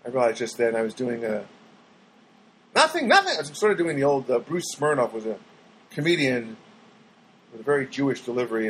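A man's voice: fairly high pitch, slight background noise, low-quality recording. A man vlogging in a casual, rambling monologue that keeps swinging into exasperated rants.

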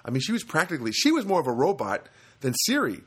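A man's voice: a little high, huge pitch swings, quick pace, husky. A man telling a humorous personal anecdote in a rambling, self-deprecating, grumbling way. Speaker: storyteller.

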